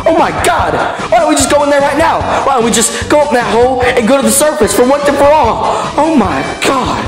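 A man voicing an excitable, boastful and naive male skeleton who talks brashly, with lots of slang. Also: extremely high pitch, fast talker, reverberant, music in the background, crowd noise, pitched above the performer's own voice. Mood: excited. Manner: brash, shouty, slangy, keeps saying man and boy.

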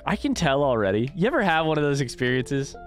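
A man's voice: on the high side, sing-song, quick pace, faint music behind. A man streaming a video game, thinking aloud in casual commentary and swearing freely. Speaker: let's play streamer.

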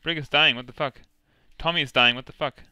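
A man's voice: mid-range voice, brisk, pushed and bright, smooth, dry recording. A man chatting and encouraging his teammates during an online game. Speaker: game player. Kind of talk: casual gaming voice chat.

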